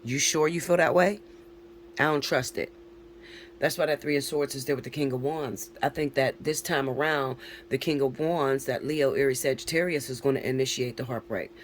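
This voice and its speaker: Guy doing a tarot reading, blunt, swears a lot, keeps asking "all right?", soft hum behind him. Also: medium pitch, fairly even intonation, brisk. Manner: blunt, frank and profane; chatty, keeps checking in with listeners. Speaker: tarot reader. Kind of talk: casual tarot reading to camera.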